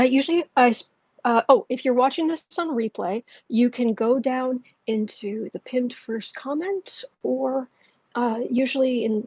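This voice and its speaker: Speaking gently and softly, at times almost whispering, a tarot reader hosts her livestream in a loose, chatty way full of fillers and restarts. Her voice is on the high side and husky, and the dull audio has no room sound.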